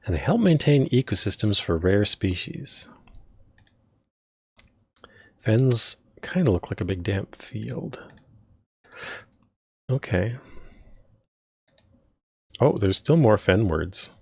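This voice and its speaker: A man's voice: on the low side, sing-song, slow, gravelly, long pauses, breathy edge, no echo. A man giving wry, hesitant commentary as he plays a retro adventure game. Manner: dry, wry, hesitant with many ums. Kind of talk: casual let's play commentary.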